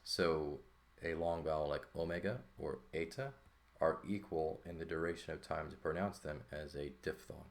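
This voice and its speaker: A man with a very low, gravelly voice explains a language lesson at an easy pace. He thinks out loud and keeps checking in with the listener. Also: normal speed. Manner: relaxed, thinking aloud with frequent "right?" checks. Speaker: Greek teacher. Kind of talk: casual lesson walkthrough.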